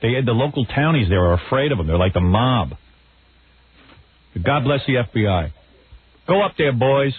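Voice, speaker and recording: A blunt, brash man hosting talk radio, mocking everyone he brings up. His voice is husky and the sound is thin and tinny, like an old radio broadcast. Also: mid-range voice, big pitch swings, normal speed, long pauses. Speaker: radio talk show host. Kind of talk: provocative radio banter.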